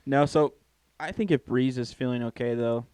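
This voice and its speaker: A man on a podcast venting his opinions in casual, profanity-laced chat. His voice sits at a middling pitch and is recorded close and dry, with no room sound. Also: moderate pace, a little mellow, clear, resonant tone, no room sound. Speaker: podcast co-host.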